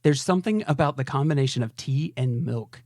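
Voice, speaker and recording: A man's voice: mid-range voice, a little fast, a little mellow, no room sound, studio quality. An American man co-hosting a podcast, talking in a rambling, hedging, self-deprecating way. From United States. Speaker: podcast co-host. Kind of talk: casual chat.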